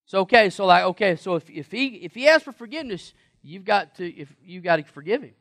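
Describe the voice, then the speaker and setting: A man's voice: sits high, animated, fairly quick, a bit bright. A man preaching a sermon in a conversational, emphatic way and asking the congregation questions.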